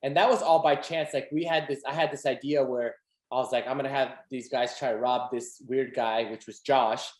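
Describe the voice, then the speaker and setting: A man's voice: medium pitch, moderate pace, echoey room. A man hosting a podcast in casual chat, telling stories with animation and acting out quotes. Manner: animated storytelling, acts out quotes with laughter. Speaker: podcast host.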